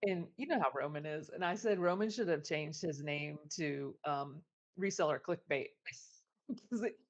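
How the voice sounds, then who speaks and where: A woman's voice: low-pitched, measured pace. A woman co-hosting a live podcast, chatting casually, giggling and asking her co-host questions. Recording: slightly dull, muffled audio.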